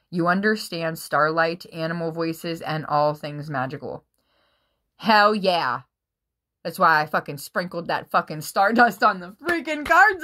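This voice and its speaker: A woman reading tarot cards for her viewers in a casual, excitable way, swearing freely and often breaking into laughter. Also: lowish voice, a little slow. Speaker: tarot reader.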